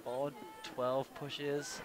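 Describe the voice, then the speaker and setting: A man calls a match live from the sideline, his voice sitting at an everyday middle pitch. He breaks into excited exclamations whenever a big play happens. A lively crowd carries on clearly behind him. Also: very slow. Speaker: sports commentator. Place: outdoor sports field. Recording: crowd noise from an outdoor field.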